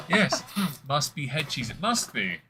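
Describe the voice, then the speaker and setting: A man's voice: medium pitch, very noisy. A man hosting a casual whisky tasting stream, rambling and joking with many fillers.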